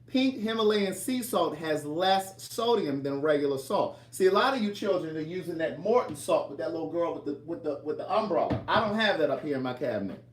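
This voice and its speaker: A man talks casually to his livestream viewers while he cooks. His voice sits a touch high and swings up and down with lively energy. The home kitchen around him sounds roomy and echoey. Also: fairly quick, few pauses, a little hiss or hum. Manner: chatty, teasing, reads viewer comments aloud.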